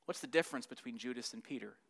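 A man's voice: medium pitch, quick pace, vocal fry, a bit bright. A man teaching a Bible study lesson, acting out the quotes with rising and falling intensity.

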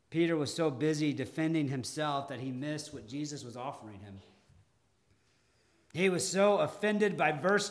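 Frequent pauses mark the sermon of this male pastor, whose voice is fairly high. His delivery is deliberate and theatrical, moving between emphatic bursts and quiet passages.

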